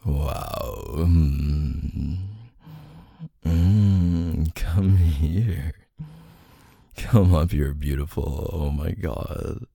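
A man performing an intimate adult audio role-play in a dominant, teasing way, with soft moans and whispered asides. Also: a bass voice, drawn-out words, vocal fry, pauses often, husky, dry recording, studio quality.

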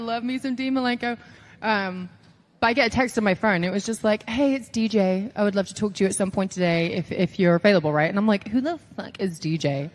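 A young woman speaks as a podcast guest in an easy, mid-pitched voice. She tells her stories in a loose, animated way, acting out quotes and swearing freely. It feels like a casual, lively chat. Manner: animated storyteller, acts out quotes, swears, laughs often. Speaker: podcast guest, pro wrestler.

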